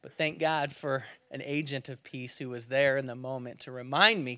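Bright-voiced man preaching a sermon. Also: mid-range voice, normal speed, few pauses, dry recording. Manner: storytelling, swings from loud exclamations to hushed near-whispers. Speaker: pastor. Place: church service.

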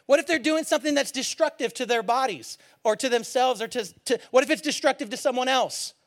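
High-pitched gravelly male pastor. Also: brisk. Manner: conversational, joking, acts out quoted voices. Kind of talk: sermon.

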